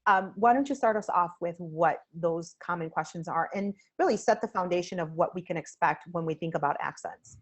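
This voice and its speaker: A woman's voice: lowish voice, fairly quick, few pauses. A woman hosting a webinar interview, effusive and upbeat as she introduces and praises her guest. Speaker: webinar host.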